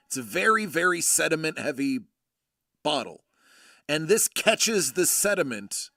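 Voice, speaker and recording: Gravelly, bright-voiced man chatting slowly. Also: a little high, no echo, studio quality. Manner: rambling and enthusiastic, many fillers and restarts. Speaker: host of a collecting channel. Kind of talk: casual chat showing a wine bottle.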